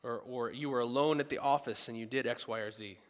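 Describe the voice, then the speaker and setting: A man preaching a sermon in a lively, animated way, breaking into loud bursts when he acts out what people think. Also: medium pitch, fairly quick, big-room sound. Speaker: pastor.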